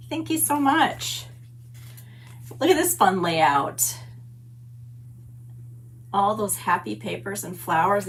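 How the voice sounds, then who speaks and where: A woman's voice: mid-range voice, slight background noise. A middle-aged woman hosting a papercraft livestream, chatty and gushing as she greets viewers by name. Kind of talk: casual livestream chat. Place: home stamp room.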